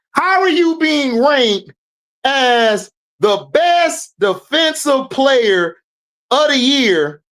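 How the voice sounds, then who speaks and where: A woman's voice: high-pitched, a bit bright. A woman hosting a casual sports recap, trash-talking and mock-scolding players. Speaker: show host, sports commentator.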